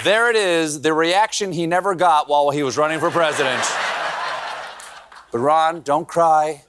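A man's voice: a little high, normal speed, crowd noise, background noise. A man hosting a late-night comedy monologue with a punchy joke delivery, often laughing at his own lines.

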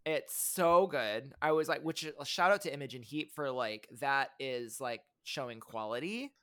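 A man's voice: mid-range voice, animated, measured pace, a bit bright, smooth. A man co-hosting a casual pop culture podcast, rambling with frequent restarts as he gives passionate fan opinions. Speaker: podcast co-host.

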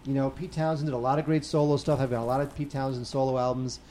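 A man's voice: mid-range voice, level tone, quick pace, mellow, a little hiss or hum. A man co-hosting a podcast, chatting casually about home video releases, with frequent fillers and trailing sentences. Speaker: podcast co-host.

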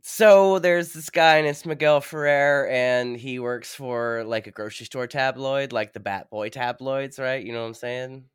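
A man's voice: mid-range voice, fairly even intonation, normal speed, few pauses, smooth, no room sound, clean studio sound. A man co-hosting a podcast, recapping a movie plot in casual, blunt, profane chat. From New England. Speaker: podcast co-host.

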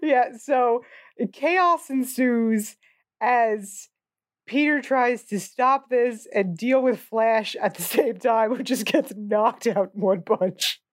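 Woman co-host, a bit high, wry and sarcastic, dry close sound. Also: takes it slowly, dry recording. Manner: wry, sarcastic, laughs often. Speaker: podcast co-host. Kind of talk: casual movie discussion.

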